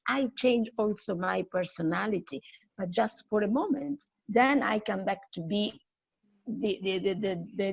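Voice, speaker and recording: A woman's voice: mid-range voice, gravelly, a little mellow, breathy edge, no room sound, muffled recording. A woman from Italy whose first language is Italian, sharing thoughtful views in a casual English practice chat. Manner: thoughtful, repeats words while finding phrasing. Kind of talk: casual group conversation. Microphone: video call.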